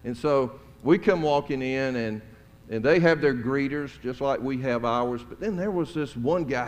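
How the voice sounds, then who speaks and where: The middle-aged preacher speaks in a mid-range voice at a moderate pace, weaving stories into his sermon in a folksy, conversational way with chuckled asides. It's recorded in a church sanctuary with long hall reverb.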